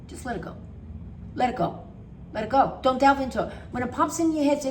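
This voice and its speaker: A woman's voice: sits high, big pitch swings, a little fast, a bit bright. A woman talking casually to camera as a wellness coach, emphatic and repetitive, acting out her own anxious thoughts.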